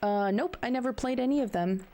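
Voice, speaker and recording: A woman in her thirties talking candidly in casual chat, questioning herself and halting with fillers. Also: fairly high pitch, dark tone, slight background noise. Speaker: stream co-host.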